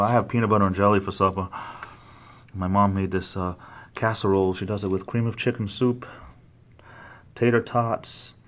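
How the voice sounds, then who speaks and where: A man from the East Coast chatting casually on a livestream while he walks around at work, rambling and answering his viewers. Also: lowish voice. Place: large building at work, walking around.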